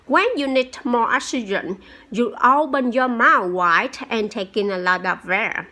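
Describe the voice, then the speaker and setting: A patient schoolteacher explains things to a pupil one careful phrase at a time, read by a woman. Her voice is bright and fairly high. She takes the lines at a very slow pace.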